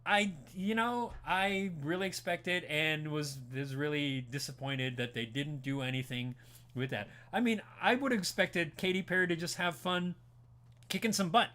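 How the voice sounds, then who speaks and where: A man's voice: a little high, moderate pace, pushed and bright. A man in his late forties or fifties hosting an anime talk stream, chatting casually and animatedly, rambling with frequent restarts, and laughing as he answers his chat. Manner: laughs while talking, reads chat aloud. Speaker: podcast host.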